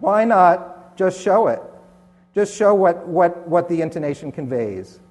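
A man's voice: high-pitched, animated, measured pace, a little mellow. A man giving a conference presentation with sardonic, dry humor in a hotel conference hall. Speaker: conference speaker. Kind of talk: presentation talk. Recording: long hall reverb in a conference hall.

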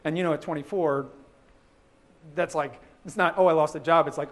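A man giving a conference presentation, animated and joking, acting out quoted voices and laughing at his own lines. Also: on the high side, normal speed. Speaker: conference speaker. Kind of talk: presentation talk.

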